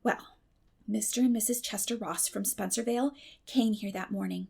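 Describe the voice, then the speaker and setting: A woman reading an audiobook, voicing an imaginative, chatty young girl who tells her tale in a theatrical, breathless way with hushed whispers. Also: mid-range voice, steady tone, normal speed, gravelly, husky. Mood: breathless confiding. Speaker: audiobook reader.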